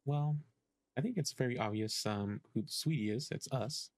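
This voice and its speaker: A man's voice: mid-range voice, normal speed, darkish tone, no room sound. Man thinking aloud over a game. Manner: hesitant, thinking aloud with many ums. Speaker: gaming streamer. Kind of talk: casual let's-play commentary.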